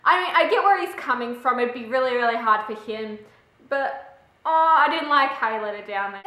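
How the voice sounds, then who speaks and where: A woman's voice: on the high side, lively intonation, fairly quick, bright, forceful tone. A young woman, chatting in a gushing way as she reviews a book for her vlog. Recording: echoey room.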